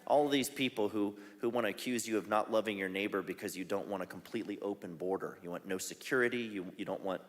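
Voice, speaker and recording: A man in a relaxed forum conversation in a church hall. He speaks wryly and laughs at his own jokes. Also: lowish voice, fast talker, hardly any pauses. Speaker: satire site founder as guest. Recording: reverberant hall with faint ambience.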